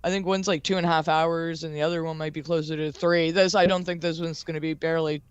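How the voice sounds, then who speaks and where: A man with a high, smooth voice chatting casually on a stream. He rambles, fills his sentences with "like" and pokes fun at himself. The sound is dry and close, with no room echo. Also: little pitch movement, fast, muffled recording. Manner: rambling, says "like" often, self-deprecating. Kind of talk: casual chat.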